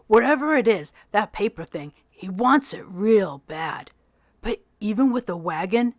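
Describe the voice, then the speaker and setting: A woman teacher reading a novel aloud in an expressive storytelling voice, narrating in the first person. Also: mid-range voice, dry recording.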